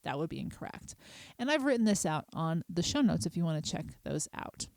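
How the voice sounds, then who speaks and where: A middle-aged woman, hosting a podcast and patiently explaining a small language lesson, spelling words out slowly. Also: on the low side, sing-song, creaky, a little mellow, no room sound. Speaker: podcast host.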